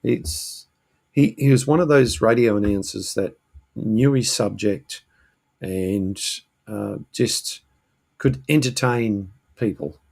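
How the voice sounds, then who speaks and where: Low, gravelly man host, husky, halting casual chat. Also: darkish tone. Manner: hesitant, lots of ums and restarts. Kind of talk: casual live-stream chat. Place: home shed.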